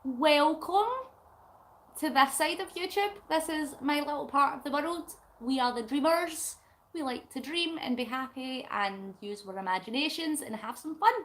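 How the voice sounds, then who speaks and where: A woman's voice: sits high, normal speed, a bit bright. A middle-aged Scottish woman hosting a casual livestream, chatting and giggling as she reads out viewer comments while doing crafts. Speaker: livestream host. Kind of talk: casual live chat reading comments.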